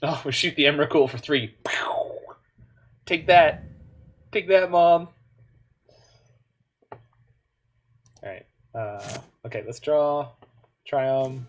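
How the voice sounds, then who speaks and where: A man's voice: a little high, slow, long pauses. A man from Canada, giving casual, joking commentary while he plays an online card game, with muttered asides in between.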